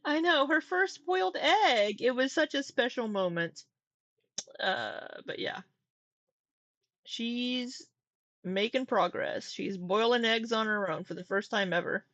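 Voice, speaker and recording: A woman's voice: a little high, takes it slowly, fairly bright tone, no room sound, muffled recording. A woman hosting a casual livestream, talking candidly, swearing now and then and getting exasperated. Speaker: livestream commentary host.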